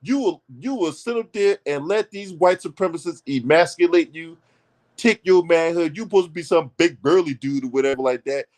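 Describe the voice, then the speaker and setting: A male commentator with a somewhat raised pitch rants about politics. He is profane and sarcastic, jabbing at his targets with a heated edge. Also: moderate pace.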